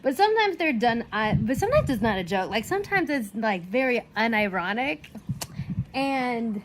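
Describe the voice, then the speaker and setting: A young woman content creator in an animated, exasperated rant, emphatic and swearing often. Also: on the high side, moderate pace, a little hiss or hum.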